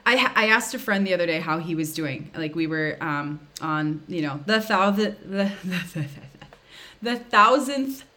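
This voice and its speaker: A woman's voice: on the low side, animated, normal speed, pushed and bright. A woman chatting casually on a video call, laughing often and acting out quoted voices.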